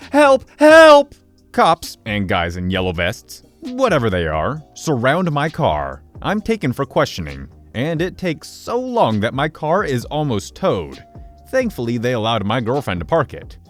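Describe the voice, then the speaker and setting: Animated male storyteller. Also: medium pitch, unhurried, soft background music. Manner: lively, expressive storytelling. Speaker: story narrator. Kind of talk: reading Reddit stories aloud.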